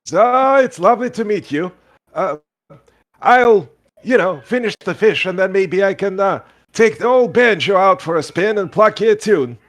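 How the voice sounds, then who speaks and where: A high, twangy elderly boggart, put on by a man running a tabletop game. He drawls in a cheerful, hospitable, folksy way. He sounds like an old fisherman by his campfire. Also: lively intonation, moderate pace. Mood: folksy friendly.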